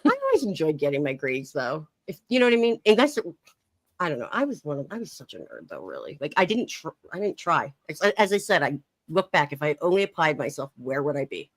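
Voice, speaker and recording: A woman's voice: low-pitched, very animated, fast, no room sound. A young woman chatting casually on her live stream, reading chat messages aloud and laughing often.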